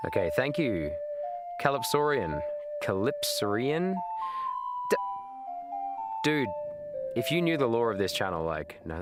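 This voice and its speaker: Deep-voiced Australian man streaming a game. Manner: chatty, swears, reads chat aloud. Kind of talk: casual live-stream chat. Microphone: webcam. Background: video game music.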